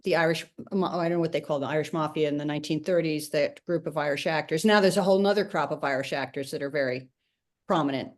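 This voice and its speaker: A woman moderating a video-call discussion, animated and searching for words as she wraps up and opens the floor to questions. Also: deep voice, fast talker. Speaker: host and moderator. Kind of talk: conversational interview on a video call.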